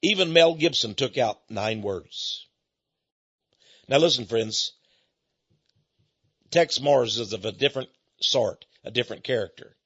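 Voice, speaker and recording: A man's voice: mid-range voice, a little slow, pauses often, fairly bright tone, husky, dry recording. A man preaching an emphatic, repetitive monologue that speaks directly to his listeners. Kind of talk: radio-style sermon monologue. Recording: dull, muffled dry recording.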